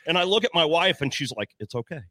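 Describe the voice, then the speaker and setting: A man's voice: on the high side, quick pace, dry recording. A man telling a story in casual podcast chat, swearing freely and acting out the dialogue. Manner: profane, animated storyteller who acts out the dialogue.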